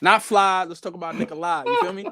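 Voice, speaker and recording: A young man chats as a podcast guest with boastful, playful swagger. His voice sits a little high and the sound is dry and close. He talks in loose, animated bursts. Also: fast, dry recording. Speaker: guest wrestler. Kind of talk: casual live podcast interview.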